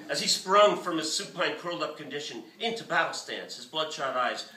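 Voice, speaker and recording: A man reads his own novel aloud at a bookstore event in a lively, expressive way. His voice is bright and animated, picked up from a distance. The room is echoey, with faint noise behind. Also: fairly high pitch, brisk, hardly any pauses. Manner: lively, expressive reading with shouted character lines. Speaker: author. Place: bookstore reading.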